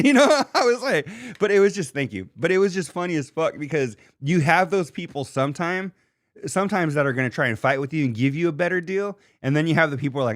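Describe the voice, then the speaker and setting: A man's voice: on the high side, expressive, quick pace, no echo, clean studio sound. A man in his thirties hosting a podcast, telling stories in loose, profane casual chat with frequent laughs. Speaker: podcast host.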